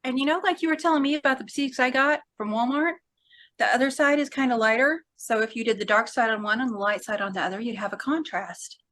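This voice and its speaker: A woman's voice: on the high side, fast talker, a bit bright. A woman chatting casually as a guest on a video call, chiming in with short, friendly remarks. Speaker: guest creator.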